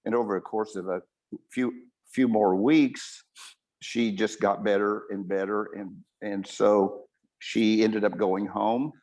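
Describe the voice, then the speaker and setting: A man, a surgeon, recounting a patient's story on a webinar in a halting way, with frequent restarts and self-corrections. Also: lowish voice, fairly even intonation, darkish tone.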